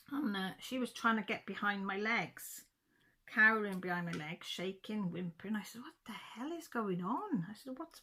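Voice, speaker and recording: Middle-aged woman, chatty storyteller, gravelly low voice with a bright edge. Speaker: craft vlogger. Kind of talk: casual chat.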